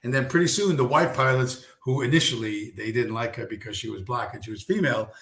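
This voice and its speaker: A man hosting a stream, telling a long, rambling story with heavy profanity and many fillers. His pitch sits in a middle range. The voice echoes around a roomy space. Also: fast talker, fairly bright tone. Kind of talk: casual rambling monologue. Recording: roomy echo.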